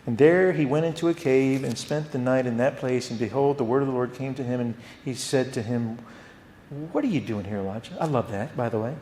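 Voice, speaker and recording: A man teaching a theology class at a church. He talks in an animated way and often repeats words. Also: mid-range voice, fairly quick, hardly any pauses, roomy sound, slight background noise. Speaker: Bible teacher.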